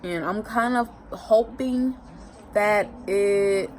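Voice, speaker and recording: A woman speaks very slowly at a medium pitch while casually recapping a TV season in a vlog, emotional, expressive, and rambling, often saying things twice. The audio is poor, with slight background noise.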